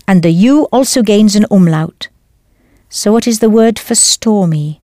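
A woman teaching a language lesson in a clear, careful scripted delivery, spelling out words as she goes. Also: medium pitch, a little slow, mellow, no echo, clean studio sound.

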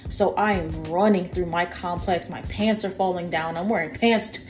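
Young woman, podcast co-host, chatty storyteller, lowish pitch, talks to listeners. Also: moderate pace, over music. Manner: chatty, lively, addresses listeners. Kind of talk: casual storytelling.

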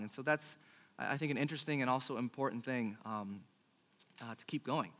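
A middle-aged man preaching a sermon, telling a self-deprecating personal story in a chatty, animated way. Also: medium pitch, fast talker. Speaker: pastor.

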